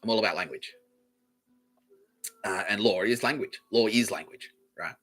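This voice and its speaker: A man's voice: on the low side, normal speed, fairly bright tone, breathy edge, rough recording. A young man hosting a podcast, talking in a casual, swaggering, profane way and laughing often. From Australia. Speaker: podcast host. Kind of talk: casual comedic monologue.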